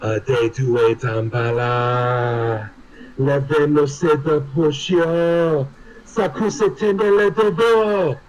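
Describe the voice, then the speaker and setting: A man voicing a diviner who chants a spell slowly in a made-up French accent. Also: on the high side, fairly even intonation, lo-fi sound, voice pushed up. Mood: chanting. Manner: slow drawn-out chanting in a fake accent.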